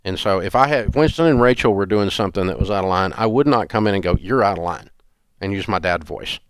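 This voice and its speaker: A man in his sixties hosts a radio advice show with a low voice. He talks bluntly and folksy, with sarcastic asides. The studio sound is dry and close. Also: fast talker, smooth, dry recording. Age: 60s. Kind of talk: call-in advice show talk.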